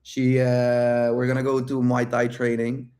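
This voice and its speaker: A man's voice: mid-range voice, completely flat delivery, unhurried, darkish tone. A brash male dating coach talking in a loose livestream Q&A. He swears freely and breaks into laughter often. His voice sits in an ordinary male range. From outside the United States. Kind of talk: casual livestream Q&A.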